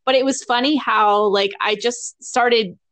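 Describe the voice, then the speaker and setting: A woman's voice: fairly high pitch, steady tone, a little slow, fairly bright tone. A woman, a guest on a chat show, talking in an enthusiastic, playful way. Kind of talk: casual interview chat.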